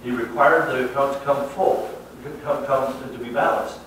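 A male pastor preaching a sermon in a conversational, emphatic way, his pitch sitting in the middle range. He is recorded from a distance in a very echoey church space, with faint room ambience underneath. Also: moderate pace, a little hiss or hum. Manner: conversational and emphatic, with lively swings of pitch and loudness. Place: church sanctuary. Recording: very echoey hall from afar.

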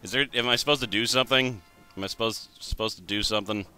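Wry young man with a bright voice. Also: fairly low pitch, fast, smooth, faint music behind. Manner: wry, thinks aloud, jokes at himself. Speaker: let's play host. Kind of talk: gameplay commentary.

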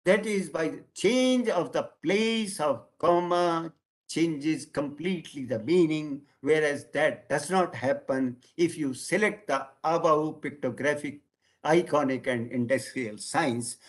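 A man with an Indian English accent giving a lecture, calling his listeners "friends" and stressing key words slowly. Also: on the high side.

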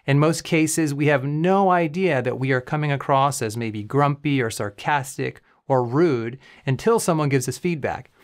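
Calm man explaining like a teacher. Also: medium pitch, normal speed, few pauses. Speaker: communication coach and professor. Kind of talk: educational reaction commentary.

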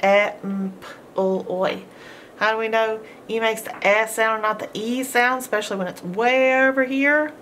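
A woman's voice: fairly high pitch, fairly even intonation, normal speed, a bit bright, slight background noise. A woman teaching a homeschool phonics lesson, patiently sounding out each letter and syllable.

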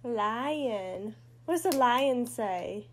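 Speaking very slowly in a slightly high, expressive voice, a young vlogger mom chats casually on camera while sweetly sing-songing to coax her toddler. The room echoes, and there's faint noise in the background.

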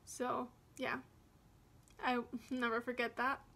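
A woman's voice: fairly high pitch, little pitch movement, takes it slowly, creaky, sharp tone. A young woman vlogger telling a storytime in a chatty, rambling way, full of restarts. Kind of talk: storytime vlog narration.

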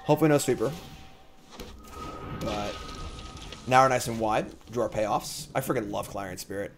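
A man's voice: on the low side, moderate pace, slight background noise. Chatty man thinking aloud over gameplay. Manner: thinking out loud, casual and chatty; jokey, reads chat comments aloud. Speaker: host of a card game stream. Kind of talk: live gameplay commentary.

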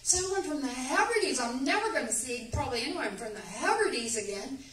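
A woman's voice: sits high, lively intonation, moderate pace, fairly bright tone, slight background noise. A woman giving a rambling, emphatic testimony in church. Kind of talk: animated testimony storytelling. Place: church sanctuary. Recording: echoey church room, distant mic.

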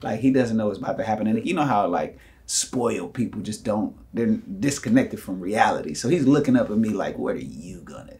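A young man, telling lively stories to the camera and acting out voices and punches. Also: on the low side, fairly quick. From United States. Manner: animated, acts out quotes and punches with sound effects. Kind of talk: casual storytelling.

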